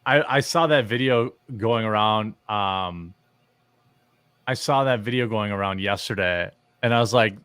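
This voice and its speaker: A man's voice: lowish voice, a little slow, fairly bright tone, clean tone, no room sound. A man hosting a casual livestream, rambling and joking with frequent laughter. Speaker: streamer host.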